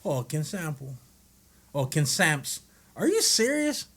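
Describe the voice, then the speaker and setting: A man's voice: a little high, very animated, takes it slowly, a bit bright. A man from Hawaii in his thirties, co-hosting a podcast in casual chat, joking, laughing and acting out quoted lines. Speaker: podcast co-host.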